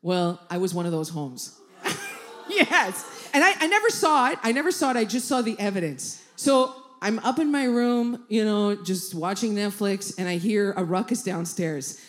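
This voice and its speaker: A woman's voice: mid-range voice, normal speed. A woman telling a comic story in stand-up style, swearing, laughing through her lines and acting out the people in it. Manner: animated, swears, laughs through lines, acts out quoted voices. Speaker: comedian.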